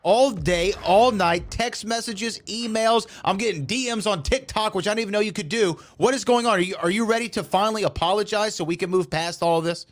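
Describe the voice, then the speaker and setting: A man's voice: high-pitched, brisk, few pauses. A man acting as league commissioner in a scripted comedic segment, placating and repeating himself.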